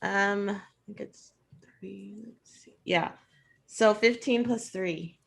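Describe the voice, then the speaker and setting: A woman's voice: medium pitch, slow pace, gravelly, a bit bright. A woman player at a tabletop game, working out her dice roll in a flustered, giggly way.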